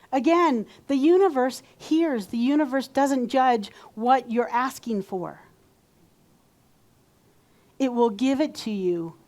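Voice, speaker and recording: Lady minister preaching, kinda higher voice, chatty and easygoing. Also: slow, warm tone. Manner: conversational, acts out quoted self-talk. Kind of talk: sermon.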